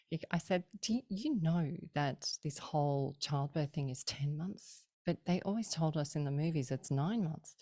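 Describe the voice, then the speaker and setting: Low mellow-voiced woman telling stories. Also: moderate pace, hardly any pauses, dry recording. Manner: animated, acts out quoted voices, laughs often. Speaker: podcast guest. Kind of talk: casual storytelling.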